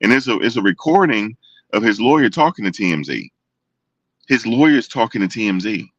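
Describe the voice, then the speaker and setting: Host type: low-voiced man, chatty and repetitive, dry close sound. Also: a little fast, no room sound, distant mic, muffled recording. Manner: animated, repetitive storytelling with quoted voices. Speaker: show host. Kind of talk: casual commentary to viewers.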